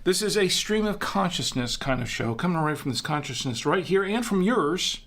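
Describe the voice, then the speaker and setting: A man's voice: sits high, animated, normal speed, a bit bright. A man hosting a live-streamed show, chatting casually in a rambling way and correcting himself as he goes. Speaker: host.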